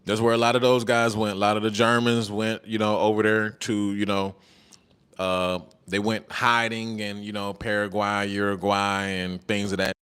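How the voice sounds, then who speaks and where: A man's voice: fairly low pitch, level tone, moderate pace, fairly bright tone, clear, resonant tone. A man hosting a casual livestream, reading viewer comments aloud in a loose, slangy way, repeating his phrases and laughing often.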